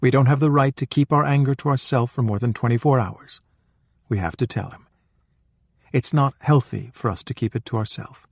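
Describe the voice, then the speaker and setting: A middle-aged man reading a spiritual book aloud as an audiobook narrator, in a gentle, measured way. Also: mid-range voice, gravelly, dry recording.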